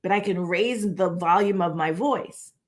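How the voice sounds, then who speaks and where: A woman presenting a casual video lesson on speaking, talking in an animated, conversational way and often asking "right?". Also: fairly low pitch, a little slow. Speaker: presentation coach. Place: indoor room, moving between standing and seated. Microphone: on-camera recording.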